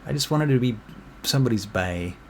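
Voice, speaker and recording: A man with a hoarse, worn voice narrating as game master, rambling with fillers and self-deprecating asides. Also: mid-range voice, lively intonation, fairly quick, darkish tone, slight background noise. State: losing his voice, clearing throat.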